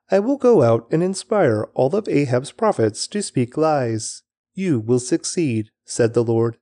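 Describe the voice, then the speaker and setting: Guy reading the bible out loud, lots of pitch movement, mellow dark voice. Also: no room sound, clean studio sound. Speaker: Bible reader. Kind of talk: scripted scripture reading.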